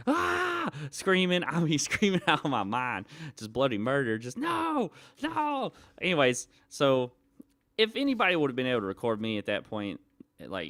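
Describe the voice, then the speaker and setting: Animated man telling a story. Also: on the low side, clear, resonant tone, dry recording. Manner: animated, rambling, laughs often. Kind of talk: casual storytelling vlog.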